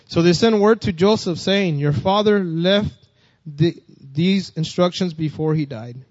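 A fairly high-voiced man preaches in a plain, unpolished way, restarting phrases and lifting his voice on scripture. The recording is dry and dull, with a muffled lo-fi sound. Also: unhurried, darkish tone, no room sound. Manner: plainspoken, repeats and restarts phrases, rises in pitch and volume when reading verses. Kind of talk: sermon reading scripture.

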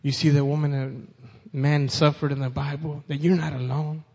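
A man preaching a sermon with a fairly high voice, his words ringing out in a long hall reverb. He reads scripture with building force and then talks plainly to the congregation. The sound is a little dull and muffled. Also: level tone, normal speed, vocal fry, a little mellow.

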